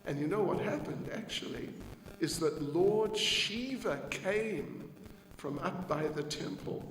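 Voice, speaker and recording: A man, a monk, telling a devotional story to children in an animated, drawn-out way. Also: sits high. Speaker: monk giving a Sunday class. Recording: echoey hall, faint ambience.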